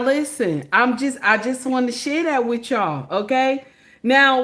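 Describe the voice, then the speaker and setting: A woman vlogger giving casual commentary, chatty and repetitive, often breaking into laughter. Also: mid-range voice.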